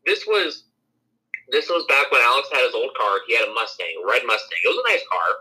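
A young man tells a story on a casual podcast, animated and swearing freely. His voice is sharp and very bright, with a husky, raspy edge, and it sounds like a radio broadcast. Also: medium pitch, fairly quick, low-quality recording. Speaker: podcast co-host.

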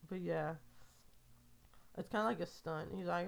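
Young woman, casual solo podcaster; low-ish, gravelly voice, meandering and amused. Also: measured pace, long pauses. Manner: rambling, filler-heavy, amused. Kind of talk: casual rambling monologue.

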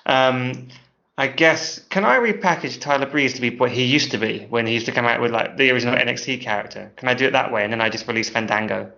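Man, podcast co-host, hesitant, lots of ums, sharp bright tone, dull recording. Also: medium pitch, fast, creaky. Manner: hesitant, thinks aloud with many ums. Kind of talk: casual chat.

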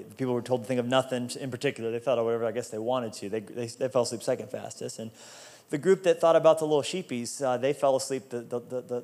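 A young adult man preaching a sermon in a conversational way, repeating words and rising to excited emphasis. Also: mid-range voice. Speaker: pastor.

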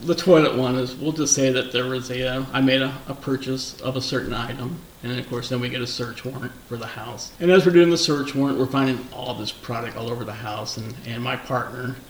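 A man, a former undercover narcotics officer, telling anecdotes in a relaxed, storytelling interview manner. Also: medium pitch, a little fast, few pauses. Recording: echoey room, distant mic, faint noise.

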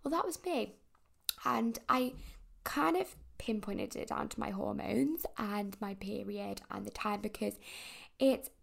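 A woman's voice: medium pitch, a little slow, gravelly. A young woman hosting a podcast, telling a personal story in a rambling, chatty way full of fillers. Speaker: podcast host. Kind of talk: casual confessional chat.

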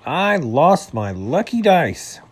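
A man's voice: a little high, big pitch swings, measured pace, darkish tone, pitched above the performer's own voice. Man doing a whiny skunk bus driver.

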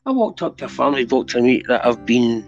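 A man's voice: mid-range voice, sing-song, quick pace. Earnest Scottish man, muffled audio. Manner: earnest, with constant "mate" and "do you know what I mean". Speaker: podcast guest. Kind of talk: candid conversational storytelling. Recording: dull lo-fi audio with faint music.

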